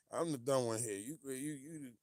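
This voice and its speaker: A man hosts a casual livestream, animated and rambling, often losing his train of thought and laughing as he reads viewer comments. His medium-pitched voice comes through in studio quality with no echo.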